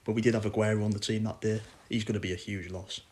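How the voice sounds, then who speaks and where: A man's voice: on the low side, flat delivery, fast talker, a little mellow, slight background noise. Frustrated man ranting. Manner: frustrated, blunt, swears. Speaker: football fan podcaster. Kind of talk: casual ranting chat.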